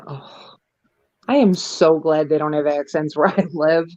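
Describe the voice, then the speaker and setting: A woman's voice: sits low, fairly even intonation, measured pace, a little mellow, no room sound, dull audio. A woman from New York State co-hosting a casual podcast, dry and sarcastic. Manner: sarcastic, teasing. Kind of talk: casual chat.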